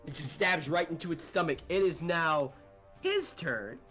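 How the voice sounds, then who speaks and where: A man's voice: fairly high pitch, big pitch swings, unhurried, a bit bright, soft background music. A young man running a tabletop game as game master, rambling and swearing as he narrates.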